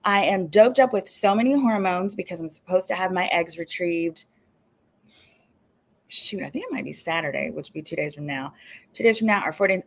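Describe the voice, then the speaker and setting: A woman's voice: lowish voice, lively intonation, fairly quick, husky. Sassy chatty woman host. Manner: chatty, sassy, exasperated, rambling asides. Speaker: attorney and show host. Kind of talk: casual livestream commentary.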